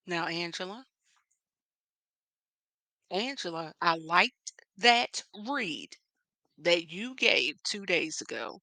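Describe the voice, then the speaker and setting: Woman, Philadelphia accent, sassy gossip commentary, unhurried pace, bright forceful voice. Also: lowish voice, lively intonation, no echo. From Philadelphia area. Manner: sassy, emphatic, profane, drawn-out stresses. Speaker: commentary vlogger.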